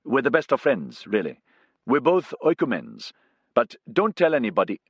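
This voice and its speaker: A man voicing a friendly, good-humoured male Afghan co-pilot who jokes gently. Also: medium pitch, wildly swooping pitch, normal speed, breathy edge, dry recording, pitched above the performer's own voice, full character voice. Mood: amused. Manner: gentle, grinning, easygoing.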